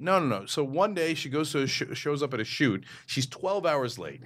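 An animated man speaks as a guest in a podcast interview. His pitch swings widely as he argues a point, and his delivery is emphatic and quick. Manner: emphatic, fast, breaks into mimicry and laughs. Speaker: interview guest, media founder.

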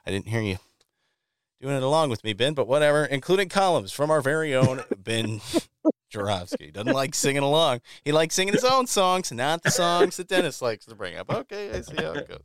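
A man's voice: medium pitch, very animated, fairly quick, clear, resonant tone, no room sound, studio quality. A man co-hosting a casual radio talk show, reading sponsor copy and bantering with the host. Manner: reads sponsor copy, then banters and teases. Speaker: co-host and announcer.

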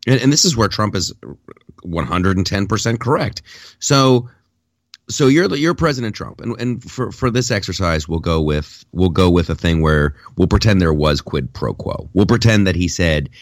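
Low-voiced podcast guy riffing and joking, lots of pitch jumps, super dry mic. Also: moderate pace, no room sound. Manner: animated, jokey, lots of restarts. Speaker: podcast co-host. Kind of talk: casual political chat.

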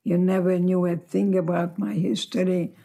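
A woman in her nineties, a guest telling her life story slowly and reflectively. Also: on the low side, little pitch movement, vocal fry, mellow. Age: 90s.

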